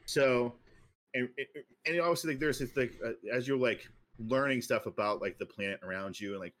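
A man's voice: mid-range voice, moderate pace, a bit bright. A man co-hosting a podcast who talks in a casual, rambling way, with many fillers and restarts. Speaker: podcast co-host. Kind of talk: casual chat.

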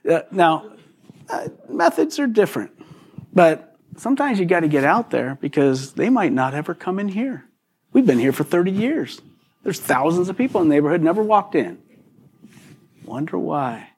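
A middle-aged male pastor preaching a sermon in a conversational, animated way, acting out quotes as he goes. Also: a little high, husky.

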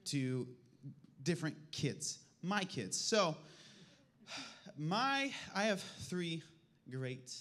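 A man's voice: fairly high pitch, very animated, extremely slow, a bit bright. A man in his thirties speaking at church, candid and self-mocking as he opens a talk about his children. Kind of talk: personal teaching talk.

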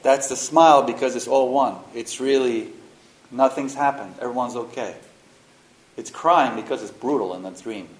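A man's voice: mid-range voice, normal speed. A man leading a spiritual workshop, talking frankly and casually, with slang and the odd curse word. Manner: frank, animated, mixes slang and swearing. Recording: roomy echo, faint noise.

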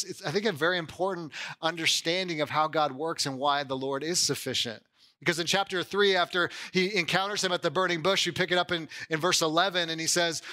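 A man preaching a sermon in a conversational way, often saying "like" and "right?" and getting animated when he voices someone's doubts. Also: fairly high pitch. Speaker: pastor.

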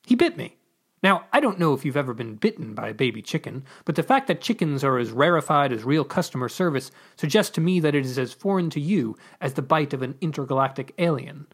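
Lively breathy-voiced storyteller. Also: mid-range voice, quick pace, hardly any pauses. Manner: playful, wry deadpan narration. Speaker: podcast co-host reading a story. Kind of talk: scripted storytelling narration. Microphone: podcast microphone.

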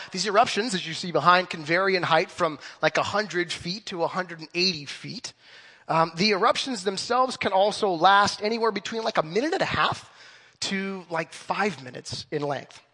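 A man in his thirties preaching in a large church, energetic and joking, asking the crowd questions. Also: fairly high pitch, big-room sound. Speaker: pastor. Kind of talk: sermon.

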